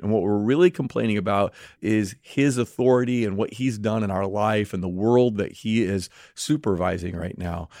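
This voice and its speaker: Earnest low-voiced man preaching. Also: a little mellow, no echo, clean studio sound. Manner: earnest, preaching to listeners with rhetorical questions. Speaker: pastor co-host. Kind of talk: podcast sermon-style talk.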